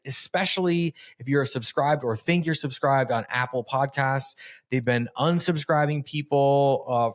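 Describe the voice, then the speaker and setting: A man hosting a podcast, firing off quick questions and hyping his guest with plenty of swearing. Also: mid-range voice. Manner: profane, hyped, rapid-fire questions. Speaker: podcast host. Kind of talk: casual podcast interview and outro.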